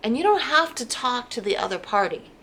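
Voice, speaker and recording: A woman giving a casual tarot reading to camera, talking in an animated way and repeating words for emphasis. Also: a little high, fairly quick, slight background noise. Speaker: tarot reader.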